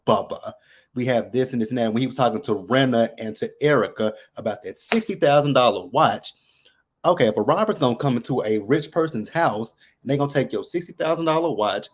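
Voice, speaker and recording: A man calling in to a talk show, chatting casually and making his points emphatically with a string of rhetorical questions. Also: medium pitch. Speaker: caller. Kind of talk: casual chat.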